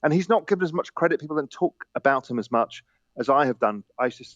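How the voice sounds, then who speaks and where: A man telling stories on a podcast as a guest, animated, laughing, quoting the people in them. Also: mid-range voice, fast talker, dry recording, highs cut off. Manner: animated anecdotes with laughter and quoted dialogue. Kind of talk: casual storytelling.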